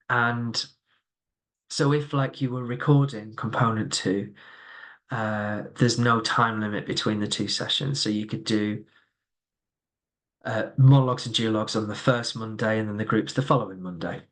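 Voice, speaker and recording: A man runs an online training session for teachers over a computer mic, reading out their questions and answering them. His delivery is loose and conversational, full of ums and small restarts. His voice sits at an ordinary middle pitch. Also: a bit bright. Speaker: subject advisor leading a teacher training webinar.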